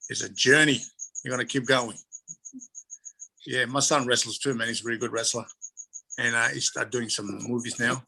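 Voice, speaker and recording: A man, a middle-aged Australian, rambles through stories from his wrestling days in a chatty interview. His voice has a gravelly rasp at medium pitch. He slips into playful impressions of the people in his tales. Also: moderate pace, long pauses, rough recording. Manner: rambling, animated, acts out voices in anecdotes. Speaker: guest, retired wrestler. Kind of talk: casual storytelling interview.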